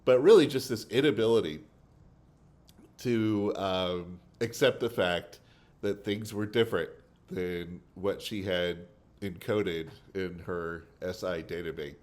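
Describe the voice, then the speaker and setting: A man with a very low voice steps in as commentator after a clip. He talks the listener through his analysis point by point in a plain, explanatory manner. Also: slow pace, darkish tone.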